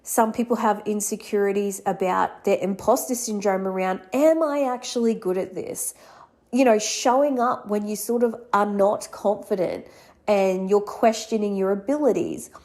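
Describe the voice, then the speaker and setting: A woman's voice: mid-range voice, normal speed, a little mellow. Aussie woman in her 30s, stuffy nasal cold voice, earnest podcast chat, a few ums. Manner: earnest, reflective, with fillers. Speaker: podcast host and therapist. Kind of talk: solo podcast talk.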